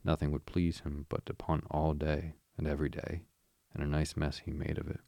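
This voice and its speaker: Storybook water rat, male, cheery and chatty, very deep and gravelly, read by a man. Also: level tone, moderate pace, warm tone, dry recording.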